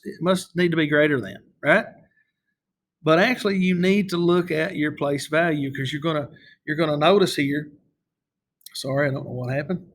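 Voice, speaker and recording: A man teaching a recorded math lesson, patient and repeating himself, often checking in with "okay?" as he writes on the screen. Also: on the high side.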